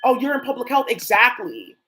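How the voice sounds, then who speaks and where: A woman hosting her own channel talks fast in a rambling, profane, off-the-cuff monologue, directing her words at people who are absent. Her voice is on the high side, sing-song and fairly bright, and the audio is poor.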